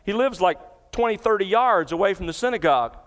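A man's voice: high voice, expressive, a little fast, a bit bright, big-room sound. A man preaching a sermon as pastor, explaining scripture verse by verse with earnest emphasis in a large church. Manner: earnest expository preaching, cites scripture references.

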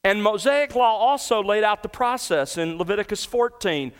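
A male pastor preaching an expository sermon, his voice a little higher than most men's and smooth. He swells with emphasis on key points and sinks low and soft when quoting. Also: expressive, moderate pace.

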